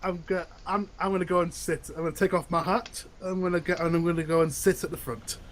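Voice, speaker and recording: A man's voice: sits high, little pitch movement, fast talker, a bit bright, a little hiss or hum. A man in a tabletop role-play session, stammering and laughing often as he talks in slang. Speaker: player.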